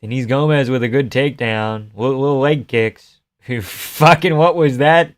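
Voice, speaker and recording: A man's voice: mid-range voice, moderate pace. Male streamer, casual fight reactions, offhand, cracks jokes, curses freely. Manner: offhand, joking, swears freely. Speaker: live streamer.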